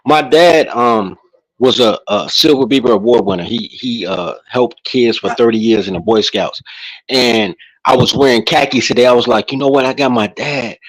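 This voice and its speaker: A man's voice: mid-range voice, moderate pace, poor audio. A man from Brooklyn calling into a live stream from a party, talking in playful, boastful street slang. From Brooklyn, New York. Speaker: guest caller. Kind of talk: casual live-stream chat.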